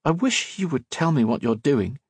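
A man's voice: fairly high pitch, lively intonation, moderate pace, slightly rough, dry recording, pitched above the performer's own voice. A man voicing a playful, bold young woman in a storybook reading, teasing and lilting.

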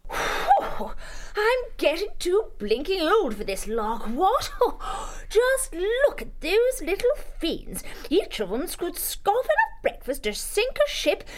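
A woman's voice: very high voice, wildly swooping pitch, takes it slowly, hardly any pauses, exaggerated voice. A woman playing a hearty, blustery elderly female creature in a full-cast audiobook, full of salty slang. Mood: exasperated.

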